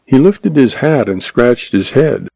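A man narrating a western novel in a steady storytelling voice. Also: medium pitch, measured pace, gravelly, breathy edge, no echo, low-quality recording. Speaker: audiobook narrator.

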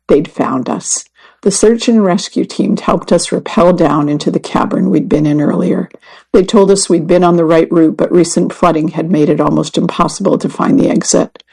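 A woman reading a first-person magazine story and article aloud in an even, measured way. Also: fairly low pitch, gravelly, breathy edge, poor audio. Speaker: reader. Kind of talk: scripted narration of a magazine story.

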